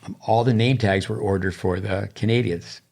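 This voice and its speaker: A man's voice: on the low side, steady tone, normal speed, vocal fry, darkish tone. An older man, a tennis coach and podcast co-host, telling long digressive stories in casual chat, with many restarts.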